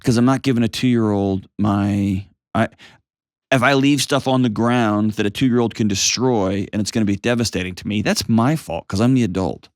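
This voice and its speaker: A man in his forties hosting a call-in advice show, calm, reassuring and emphatic as he coaches a caller. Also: on the low side, normal speed, no room sound, clean studio sound. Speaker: host.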